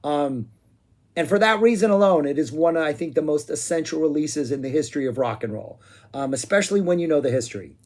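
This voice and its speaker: A man giving a casual spoken music review, excitable and rambling, with frequent "um"s and asides. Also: fairly high pitch, fairly quick.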